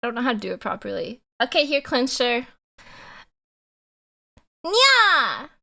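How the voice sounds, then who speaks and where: A young woman streamer chatting casually with her viewers, giggly and animated, laughing often. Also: fairly high pitch, fast talker, creaky. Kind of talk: casual live-stream chat.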